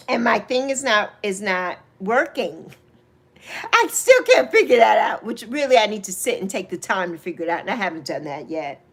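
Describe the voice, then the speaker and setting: A woman in her sixties from New York, chatting casually and teasing viewers by name on her livestream, laughing often. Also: on the high side. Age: 60s. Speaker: livestream host.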